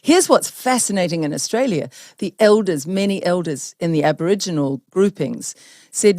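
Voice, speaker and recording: A woman's voice: fairly low pitch, animated, moderate pace, dark tone, no room sound, studio quality. A New Zealand woman hosting an interview, talking in an earnest, emphatic way and asking her guests to agree. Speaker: host. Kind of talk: conversational interview.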